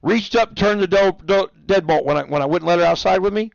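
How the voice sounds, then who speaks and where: Gravelly-voiced man chatting on stream. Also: high-pitched, brisk, dry recording, dull audio. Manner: rambling storyteller, chuckling, talks to his dogs. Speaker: livestreamer. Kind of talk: casual stream chat.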